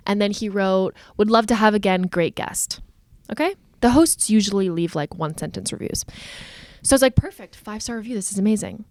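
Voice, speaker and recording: A young woman from Canada, co-hosting a podcast and telling a story in animated casual chat, acting out the dialogue. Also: medium pitch, no room sound. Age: young adult. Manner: animated, acts out dialogue, frequent "like". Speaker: podcast co-host.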